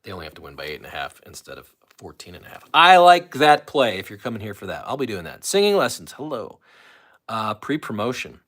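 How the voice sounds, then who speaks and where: A man's voice: on the low side, wildly swooping pitch, fairly quick, fairly bright tone. Chatty man hosting a rambling live stream. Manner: rambling, chatty, reads chat comments aloud. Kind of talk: casual live stream chat.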